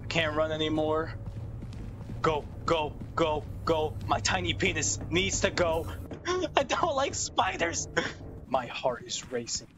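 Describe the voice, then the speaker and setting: Man, high lively voice, panicky swearing gamer on voice chat, noisy background. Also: slow. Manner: panicky, swearing, repeating words. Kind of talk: casual gaming banter.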